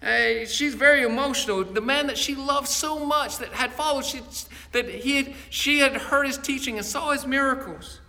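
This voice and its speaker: A man's voice: very high-pitched, normal speed, few pauses, pushed and bright, big-room sound. A male pastor preaching a sermon in an earnest storytelling manner, often repeating words as he goes.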